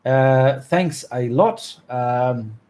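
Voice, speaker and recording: A man's voice: medium pitch, extremely slow, a little mellow. Chatty Australian man hosting an art stream. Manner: chatty, cheerful, reads names aloud and drawls thanks. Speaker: art livestream host. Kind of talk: casual livestream chat reading viewer comments.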